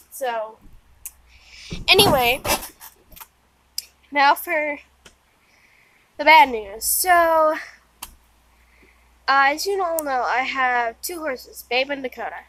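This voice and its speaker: A woman's voice: sits high, slow, long pauses, fairly bright tone, poor audio. A tired young woman giving a rambling, casual vlog update outdoors in the wind, full of fillers and restarts. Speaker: vlogger.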